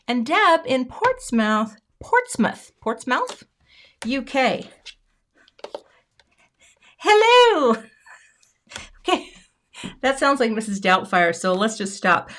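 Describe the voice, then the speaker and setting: A woman's voice: a little high, a bit bright, slight background noise. An American woman hosting a live card-making stream, chatting casually and greeting viewers by name as she works. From United States. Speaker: card-making livestream host. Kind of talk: casual live crafting chat.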